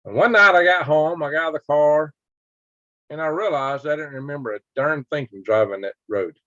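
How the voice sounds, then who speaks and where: A man's voice: fairly high pitch, brisk, sharp tone, dry recording. A man, hosting a casual live stream and chatting with viewers, rambling through stories with sound effects and chuckles. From Alabama, US. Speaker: livestream host. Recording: dry, dull lo-fi home stream audio.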